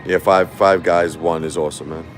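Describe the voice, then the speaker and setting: A man's voice: deep voice, fairly even intonation, normal speed, soft background music. A middle-aged man, hosting a live stream and telling rambling stories, repeating himself and laughing often. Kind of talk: casual live-stream storytelling.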